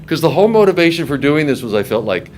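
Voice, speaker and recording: An older man tells his story in a press-room interview, and his pitch swings widely as he acts out the people he quotes. His voice sits a little high for a man. A faint hum of the room stays behind him. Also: big pitch swings, quick pace. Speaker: voice actor.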